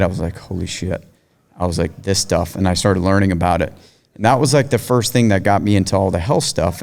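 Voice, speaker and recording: A middle-aged man speaks in a very low voice, recounting events steadily and matter-of-factly as a podcast guest. The talk is casual and conversational. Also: darkish tone, clear, resonant tone. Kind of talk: casual interview chat.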